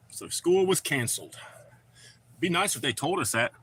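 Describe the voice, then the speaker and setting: A man, chatting with his live-stream viewers in a loose, profane way. His voice sits a little high and sounds bright and forceful. He talks casually. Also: breathy edge.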